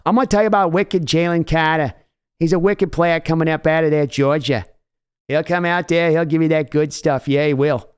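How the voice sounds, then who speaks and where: A man's voice: a little high, steady tone, normal speed, clear, resonant tone, close to an everyday voice. A man voicing a hyped male sports fan with a Boston accent who keeps saying "wicked". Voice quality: brash, repeats "wicked".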